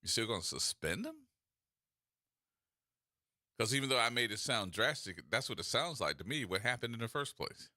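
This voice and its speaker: Animated, sarcastic New radio host. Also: male voice, medium pitch, moderate pace, pauses often, dry recording, clean studio sound. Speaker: radio talk show host. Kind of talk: opinionated call-out commentary.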